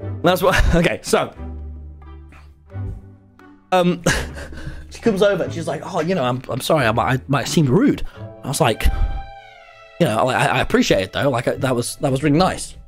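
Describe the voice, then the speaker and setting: Excitable young man, lively pitch. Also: normal speed, long pauses, soft background music. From England. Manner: rambling, excitable, many fillers and sudden yelps. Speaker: streamer telling a story. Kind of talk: casual storytime chat.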